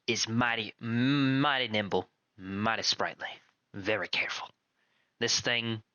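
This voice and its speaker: A man's voice: on the low side, fairly even intonation, measured pace, sharp tone, smooth, no echo, dull audio. A man voicing a shady male junk merchant who talks in a slick, half-whispered way. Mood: smooth.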